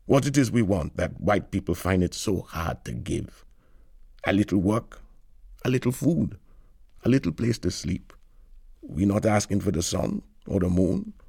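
A man reads as a brooding young man far from home, his plaintive lament spoken in a low, gravelly voice. The storybook figure sounds tired rather than angry, asking the night his questions in a dry, close sound. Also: expressive, measured pace, dark tone, no echo, exaggerated voice. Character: weary young Caribbean man in London, brooding.

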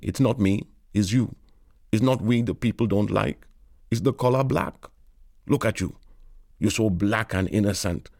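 A man's voice: on the low side, measured pace, gravelly, darkish tone, no room sound, studio quality. A man reading the lines of a weary young man in London, with a brooding, lamenting manner.

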